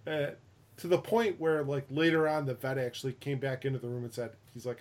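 A man's voice: mid-range voice, steady tone, brisk, a little mellow. Rambling man telling a story. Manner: rambling with many fillers and restarts, profane. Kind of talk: casual chat, storytelling.

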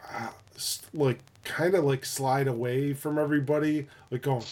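A man spinning a casual anecdote for a co-host, rambling through fillers and restarts and swearing freely. His voice sits at an ordinary middle pitch. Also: steady tone, moderate pace, few pauses, a little mellow. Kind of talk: casual chat, storytelling.

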